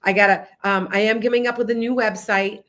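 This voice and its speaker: A woman in the middle of a casual home livestream, talking at an average pitch. Her talk is chatty and scattered, full of restarts and asides, and she keeps pressing her point with emphatic repetition. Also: fairly even intonation, brisk, fairly bright tone. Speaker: livestream host, psychic reader. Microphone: streaming setup.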